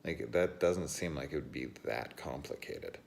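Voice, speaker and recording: A very deep-voiced man with a gravelly, fry-heavy edge tells a story in a loose, swearing vlog rant. He laughs between lines, and a faint hiss sits under his voice. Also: moderate pace. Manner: profane, animated, laughs while telling stories. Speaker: horror movie reviewer.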